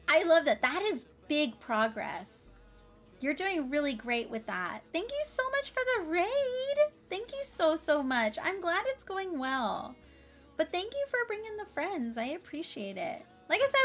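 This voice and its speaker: A woman's voice: sits high, pushed and bright. A woman streamer chatting casually with her viewers, effusive and bubbly with lots of laughs and fillers. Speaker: variety streamer. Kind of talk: casual livestream chat.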